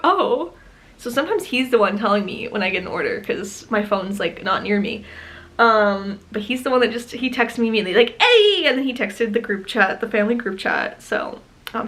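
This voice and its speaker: Woman, somewhat high voice, teary, gushing, excitable, casual vlog chat, small studio. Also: rough recording. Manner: gushing, excitable, lots of fillers. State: teary and emotional. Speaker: small business owner vlogging.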